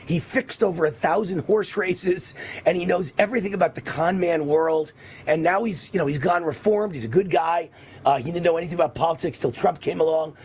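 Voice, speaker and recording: Male talk show host, high raspy voice, emphatic and repetitive. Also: a little mellow. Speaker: radio and TV host. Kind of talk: political talk show monologue.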